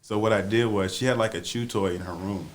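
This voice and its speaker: On a casual podcast, a co-host with a voice on the low side talks a little fast as he relates a story. He's animated, full of laughter, and acts out the quotes.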